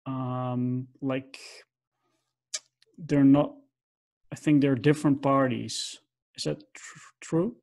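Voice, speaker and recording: A man's voice: medium pitch, steady tone, slow pace, long pauses, darkish tone. A man hosting an interview, asking questions hesitantly with many fillers such as um and like, his questions often trailing off. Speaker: podcast host. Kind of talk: conversational interview.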